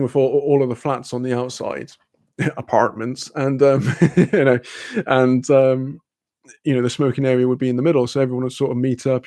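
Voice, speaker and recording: A young man telling a story on stream, rambling loosely with plenty of fillers and swearing. His voice has a gravelly edge and sits at an ordinary middle pitch. The room sounds close and dry. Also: warm tone, no room sound. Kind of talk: casual storytelling.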